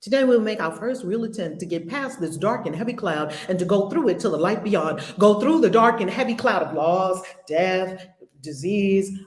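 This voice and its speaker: Slow, emphatic woman teaching a spiritual lesson. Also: mid-range voice, expressive, a little mellow. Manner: slow, emphatic, repeating phrases. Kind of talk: spiritual lesson with guided mantra. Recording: roomy echo.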